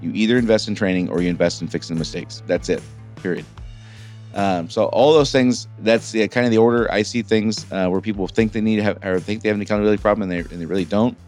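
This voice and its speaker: A man's voice: lowish voice, steady tone, quick pace, a little mellow, soft background music. A middle-aged man hosting a solo business podcast, talking informally and often stumbling and restarting his sentences. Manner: informal, stumbling over words with many restarts. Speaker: podcast host and business coach.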